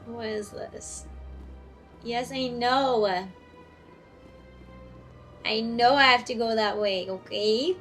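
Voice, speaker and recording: A woman's voice: on the high side, fairly even intonation, slow pace, long pauses, fairly bright tone, faint music behind. A woman streamer giving casual, chatty commentary over a game, laughing and joking. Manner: giggly, chatty, jokey asides.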